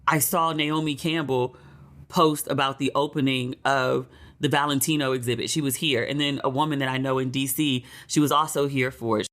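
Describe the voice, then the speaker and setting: A woman's voice: extremely low pitch, fairly bright tone. A middle-aged American woman hosting a podcast, chatting casually and acting out the people in her stories. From United States. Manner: chatty storytelling, acts out quoted people in a raised voice. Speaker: podcast host. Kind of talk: casual chat.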